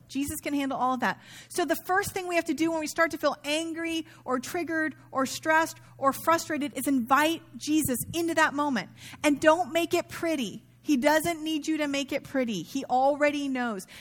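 A woman's voice: high-pitched, normal speed. A middle-aged woman pastor giving a sermon in a conversational, self-mocking way, acting out quoted asides.

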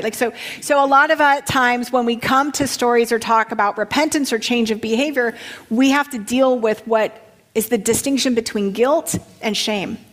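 A woman co-hosting a podcast, explaining scripture in an earnest, conversational way and slowing down to stress key points. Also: a little high. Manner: earnest, explanatory, slows for emphasis. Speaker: podcast co-host discussing scripture. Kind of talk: conversational Bible teaching.

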